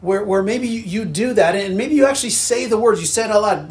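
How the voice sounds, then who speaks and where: Male pastor, high voice, earnest conversational sermon delivery. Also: brisk. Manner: conversational, earnest, with frequent restarts.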